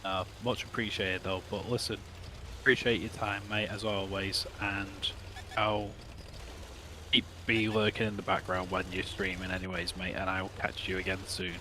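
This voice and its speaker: A man with a low, flat voice chats on a call in a relaxed way. He speaks kindly and thanks the host warmly before signing off. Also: moderate pace, noisy background. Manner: friendly, signing off. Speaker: friend on a voice call. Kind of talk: casual chat.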